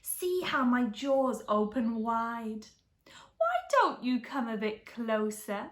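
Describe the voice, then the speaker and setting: Storybook shark, sly grin, slow and teasing, voiced by a woman, roomy recording. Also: a little high, sing-song. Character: grinning shark luring prey closer. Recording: echoey room.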